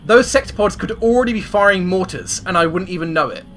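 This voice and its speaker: A man hosting a gaming video, swinging between loud swearing outbursts and rambling explanations as he plays. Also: sits high, expressive, quick pace, soft background music. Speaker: gaming channel host. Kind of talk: excitable gameplay commentary.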